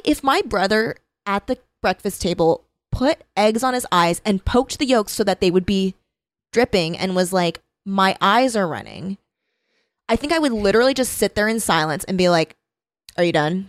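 A woman's voice: medium pitch, dry recording, clean studio sound. A woman co-hosting a casual comedy chat, rambling and giggly, filling her talk with "like". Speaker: podcast co-host.

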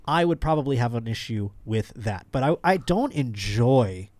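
A man's voice: mid-range voice, animated, normal speed, darkish tone, dry recording. A man hosting a comedy podcast, rambling through news stories with crude jokes. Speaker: podcast host. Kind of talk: casual comedic chat.

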